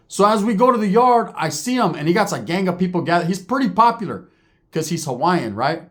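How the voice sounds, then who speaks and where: Slangy man, higher voice. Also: lively intonation, fairly bright tone. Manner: slangy, profane, mixes in Spanish words; acts out other people's lines in quick voices. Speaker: storyteller recounting prison life. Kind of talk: casual storytelling.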